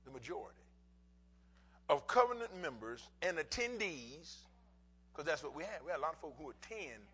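Middle-aged male preacher, slightly high voice, very animated delivery, folksy repetition. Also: slightly rough, low-quality recording. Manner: preaching in bursts, swinging from low asides to shouts; folksy, repeats words for emphasis. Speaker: pastor. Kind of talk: sermon.

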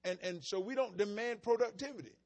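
A man's voice: sits high, a little fast. A male pastor preaching a sermon in a folksy, emphatic way, mixing plain storytelling with bursts of insistence.

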